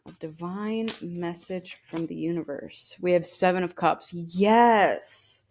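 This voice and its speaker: A woman's voice: on the low side, slow, a little mellow. A woman giving a casual tarot and oracle card reading. She reads the card texts aloud and talks straight to the viewer with chatty asides. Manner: chatty, addresses viewers directly with "you know" asides.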